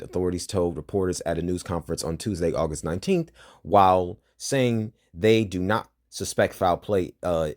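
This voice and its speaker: A man reading a news story aloud and breaking into angry, profane commentary, agitated and heated. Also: low voice. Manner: heated, profane, switches between flat reading and loud outbursts.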